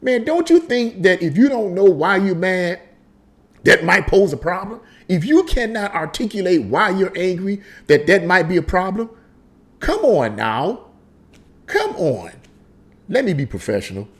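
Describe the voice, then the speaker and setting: A man's voice: high voice, a little slow. A man hosting a casual political commentary monologue, emphatic and conversational, repeating his points as he tells a story. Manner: animated storytelling with frequent repetition. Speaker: political commentary channel host.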